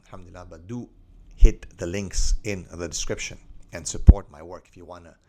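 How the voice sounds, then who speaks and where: A man who works as an Islamic life coach, telling a story in a lively, scattered way with many asides. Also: low voice, a little hiss or hum. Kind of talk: storytelling monologue.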